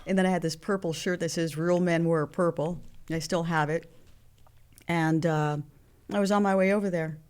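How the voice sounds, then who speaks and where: At a moderate pace and fairly low pitch, a Mexican-heritage woman in her sixties tells frank stories from her life as an interview guest. She animates the phone conversations she describes, quoting them in different voices.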